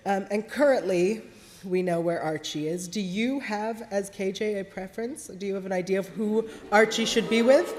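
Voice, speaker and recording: A woman's voice: medium pitch, darkish tone, a little hiss or hum. A woman hosting a fan Q&A panel on stage, upbeat and chatty with frequent "um"s. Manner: upbeat, chatty, fills pauses with "um". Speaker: panel host. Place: large convention hall stage. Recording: reverberant hall with faint ambience.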